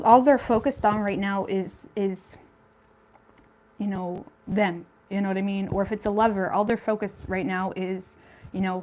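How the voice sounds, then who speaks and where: A woman's voice: medium pitch, a little mellow. Chatty, blunt young woman tarot reader. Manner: chatty and blunt, swears freely, many fillers. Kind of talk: casual tarot reading.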